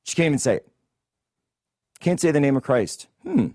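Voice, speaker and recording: A man's voice: fairly high pitch, very animated, moderate pace, dark tone, no room sound, studio quality. A man hosting a political commentary show, ranting in a combative, indignant way. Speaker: host.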